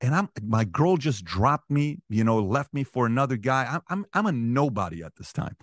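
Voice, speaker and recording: A man in his forties, an interview guest telling personal stories with animated energy, his voice rising sharply when he relives arguments. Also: mid-range voice, normal speed, no echo, studio quality. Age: 40s. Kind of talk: storytelling in conversation.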